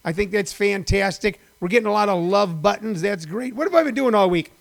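Middle-aged guy rambling to his stream viewers at home, kinda high voice, lots of uhs. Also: fairly quick, vocal fry. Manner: rambling and chatty, with many uh fillers. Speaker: live-stream host and former stand-up comic. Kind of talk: casual live-stream chat to viewers.

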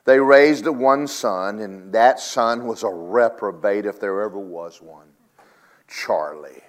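An older man preaching a sermon, rising loud and high on key points, then dropping low and quiet to tell stories. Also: slow.

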